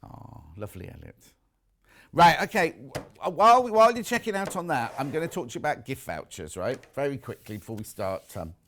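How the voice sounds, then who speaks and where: A man's voice: a little high, very animated, fairly quick, a bit bright. Chatty British TV sales presenter, man. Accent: British English. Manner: chatty, reads out viewer messages. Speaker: shopping channel presenter. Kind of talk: live TV sales chat.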